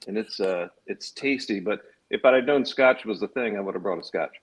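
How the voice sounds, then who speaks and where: Husky-voiced male guest, relaxed. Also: lowish voice, moderate pace, poor audio. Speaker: guest, cigar company owner. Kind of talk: casual interview chat.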